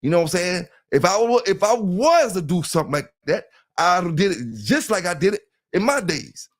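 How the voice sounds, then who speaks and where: A talkative middle-aged man with a Southern US accent and a fairly high voice. He hosts a casual livestream in a loose, rambling way and keeps checking in with his listeners. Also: lively intonation, a little fast. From South Carolina. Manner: loose and talkative, keeps saying "you know what I'm saying", greets chat members. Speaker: livestream host.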